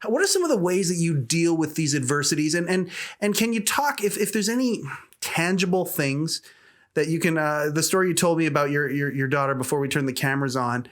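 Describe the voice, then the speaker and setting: A man's voice: a little high, animated, a little fast. A man hosting a podcast, asking long, rambling questions with many restarts and affirming his guest. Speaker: podcast host. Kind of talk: casual podcast interview. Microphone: studio mic.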